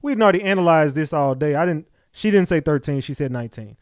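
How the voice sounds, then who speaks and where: A man's voice: fairly high pitch, expressive, fast talker, a little mellow, no room sound, studio quality. A man hosting a reaction stream who speaks bluntly and profanely and keeps insisting on his point to his chat. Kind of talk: casual reaction commentary.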